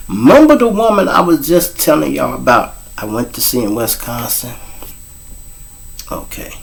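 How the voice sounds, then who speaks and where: A Chicago man hosts his show, telling a story casually and profanely, packed with street slang and addressed to "y'all." His mid-range voice is gravelly, and there's a little hiss or hum in the audio.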